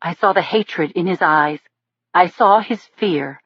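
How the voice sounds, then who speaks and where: A woman narrating a thriller audiobook in the first person, in a steady storytelling manner. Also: lowish voice, measured pace, husky, dry recording. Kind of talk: scripted narration. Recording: dull lo-fi dry recording.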